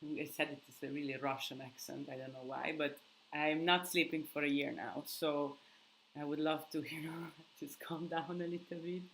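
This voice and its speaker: A woman's voice: deep voice, fairly even intonation, moderate pace, a bit bright, slight background noise, rough recording. Sleep-deprived young woman chatting live. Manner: thinking aloud, hunting for words. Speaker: livestream host answering viewer questions. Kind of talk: casual live Q&A chat.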